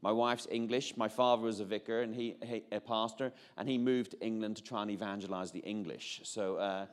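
This preacher, a man in his fifties from Northern Ireland, shares his own testimony with a lowish voice, a steady tone, and a fairly quick pace. His delivery is conversational and full of restarts, self-interruptions, and humorous side remarks.

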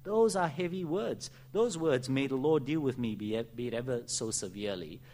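A man preaching an earnest expository sermon, often slowing down to dwell on key phrases. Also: mid-range voice, lively intonation, dark tone.

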